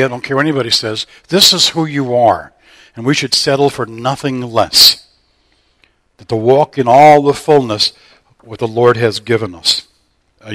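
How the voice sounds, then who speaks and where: A man's voice: mid-range voice, fairly bright tone, no room sound. Man preaching a sermon, dry close sound. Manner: preaching with call-and-response questions. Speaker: pastor.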